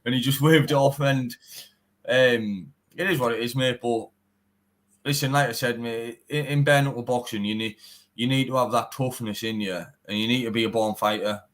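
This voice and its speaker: A man's voice: medium pitch, fairly even intonation, moderate pace. A young man with a Teesside accent, a bare knuckle fighter talking bluntly in a casual interview, swearing often and saying "mate" in nearly every sentence. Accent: Teesside English. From England.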